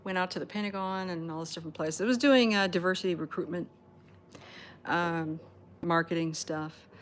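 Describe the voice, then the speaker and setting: A woman's voice: fairly low pitch, moderate pace, a little hiss or hum. Chatty woman cooing at cats. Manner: chatty, laughs often, coos at the cats. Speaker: host of a cat rescue livestream. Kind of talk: casual livestream chat. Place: indoors at a cat sanctuary.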